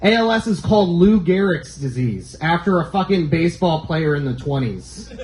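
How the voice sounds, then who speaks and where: High-voiced brash stand-up comic. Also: male voice, animated, normal speed, a little mellow, reverberant, low-quality recording. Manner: brash, crude punchlines, jumps between high and low pitch. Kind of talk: stand-up set. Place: comedy club stage.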